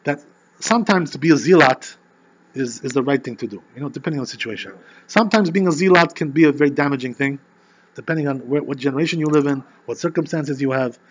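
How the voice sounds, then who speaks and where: A rabbi rattles through an informal Torah class at a quick clip, his voice a little husky and pitched somewhat high for a man. He keeps checking in with his listener, tossing in "you know" and "right?" as he goes. The recording sounds dull and lo-fi. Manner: animated, peppers talk with "you know" and "right?".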